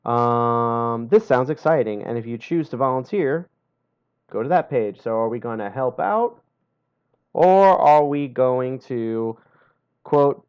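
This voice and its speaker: A man's voice: medium pitch, slow, clean tone, highs cut off. A young man on a live stream reading a gamebook aloud, full of sarcastic asides and frequent laughs, in a home streaming setup.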